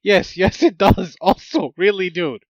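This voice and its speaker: A man's voice: high-pitched, animated, a little slow, dry recording. A man casually recapping a movie on a podcast, joking with exasperated asides. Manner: jokey, exasperated asides, frequent laughs. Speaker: podcast host. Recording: dull lo-fi dry sound.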